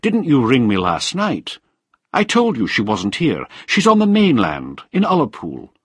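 A man's voice: mid-range voice, wildly swooping pitch, unhurried, breathy edge, dry recording, studio quality, voice pushed up, exaggerated voice. A man doing a cold, evasive old scientist. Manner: dismissive, veiled threats.

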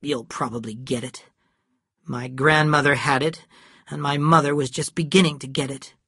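A woman's voice: low-pitched, fairly even intonation, normal speed, a bit bright, slightly rough, no room sound, studio quality, exaggerated voice. A narrator voicing a cold, bitter middle-aged woman with aching hands, speaking curtly in an audiobook. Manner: curt, cutting. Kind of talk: audiobook character voice.

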